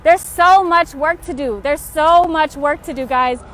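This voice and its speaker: Young woman with a very high voice, making frustrated, urgent appeals on a phone stream outdoors by a street. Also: a little slow, a bit bright. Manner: impassioned, urgent, repetitive calls to action. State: frustrated and tired. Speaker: livestreamer. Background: faint passing traffic and honking.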